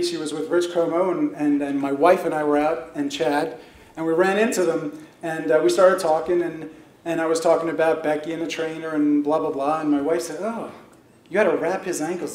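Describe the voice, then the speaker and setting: A middle-aged man speaks into a podium microphone with a slightly high voice, chatty and self-deprecating as he accepts a hall of fame honor. His voice rings around a roomy banquet hall, with a faint hum of noise behind him.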